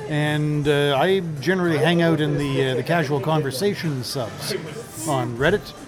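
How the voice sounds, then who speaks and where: A man introducing himself at a restaurant dinner table, speaking in an easygoing, wordy, measured way. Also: fairly high pitch, music in the background. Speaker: dinner guest, father. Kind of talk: casual self-introduction.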